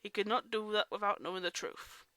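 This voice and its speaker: A woman's voice: medium pitch, fairly even intonation, fairly quick, pushed and bright, no room sound. A woman reading a story aloud in a casual way, breaking off for chatty asides and correcting herself. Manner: chatty asides, self-interrupting. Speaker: reader of fan fiction.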